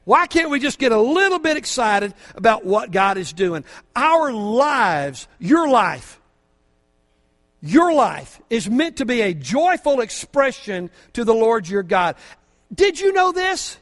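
An older man preaching a sermon as pastor, fervent, moving from quiet asides to shouting praise, in a church. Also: extremely high pitch, sing-song, takes it slowly. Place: church sanctuary. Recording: long hall reverb from a church.

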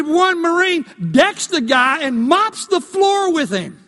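A male pastor preaching a sermon, emphatic and animated, rising to loud peaks as he tells a story. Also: very high voice, a little slow, hardly any pauses. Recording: long hall reverb.

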